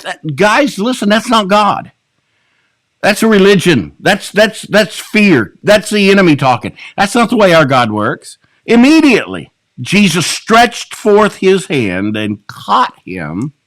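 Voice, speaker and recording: A man leading an evening Bible study as a pastor, preaching with passion, dropping to a hush and then climbing to emphatic peaks. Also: high voice, lively intonation, measured pace, no room sound. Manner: impassioned, swings between hushed and rising emphatic preaching. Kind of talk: sermon.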